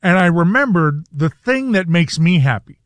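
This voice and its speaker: A man on a radio talk show shares a reflective, earnest take in a measured voice. His voice sits a bit high, and the studio sound is dry and close. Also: very animated, no room sound.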